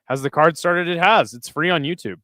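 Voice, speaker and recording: Male streamer, watch-party host, smooth clear voice, close dry mic, foul-mouthed banter with chat. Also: on the high side, fairly quick, a bit bright, dry recording. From United States. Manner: crude, joking, chatting with viewers between fight calls. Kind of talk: casual live-stream commentary.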